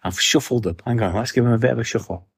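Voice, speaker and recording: A man's voice: mid-range voice, quick pace, vocal fry. A man co-hosting a gaming podcast, chatting casually in a jokey, bantering way. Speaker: podcast co-host. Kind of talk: casual chat.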